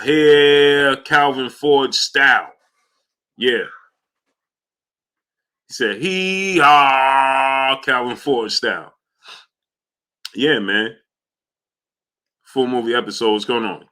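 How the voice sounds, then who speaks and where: Hype-driven boxing streamer, bright voice. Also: male voice, lowish voice. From New York. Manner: shouts out viewers by name, loud hype bursts. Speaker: boxing livestream host. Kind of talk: casual livestream chat reading super chats.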